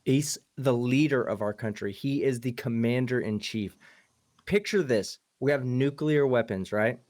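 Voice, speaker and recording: A man's voice: mid-range voice, measured pace, darkish tone. A man on a casual live online panel, speaking earnestly and with strong opinions. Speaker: panel guest; military veteran. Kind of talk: casual livestream chat.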